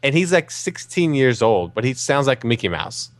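A man hosting a podcast, telling a jokey anecdote in a casual, animated way, with some swearing. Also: mid-range voice, moderate pace, no room sound. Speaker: podcast host. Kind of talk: casual storytelling chat.

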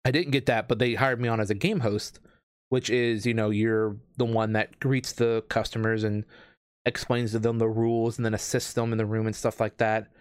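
A man telling a long story in casual chat, rambling with lots of fillers and restarts, getting animated. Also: fairly low pitch, moderate pace, clean tone, dry recording, clean studio sound. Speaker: escape room game host.

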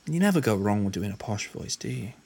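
A man's voice: lowish voice, a little fast, vocal fry, husky. A man swearing and muttering through casual commentary as he plays a game. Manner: sweary, animated, mutters under his breath. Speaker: gamer.

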